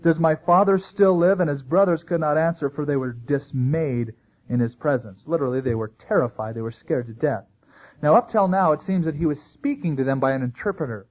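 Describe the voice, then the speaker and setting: Male pastor, sermon delivery, slightly high husky voice, narrow tinny sound. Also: a little fast. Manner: animated preaching, acting out quoted voices.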